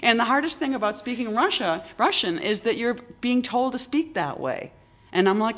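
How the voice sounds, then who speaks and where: An older poet from Boston, talking in a halting way with many restarts and strong emphasis. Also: mid-range voice, expressive, a bit bright. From Boston, United States. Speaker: poet, interview guest. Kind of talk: reflective conversation.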